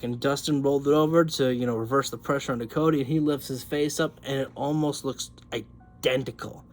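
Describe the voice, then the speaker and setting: A young man telling a long, excitable story in a casual monologue, swearing and rambling as he goes. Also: medium pitch, a little hiss or hum. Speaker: wrestling podcaster.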